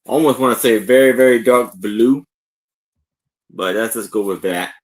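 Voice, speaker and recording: A man co-hosting a live online sale, describing an old framed photo in slow, halting talk full of fillers. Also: medium pitch. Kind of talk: casual live sale chat.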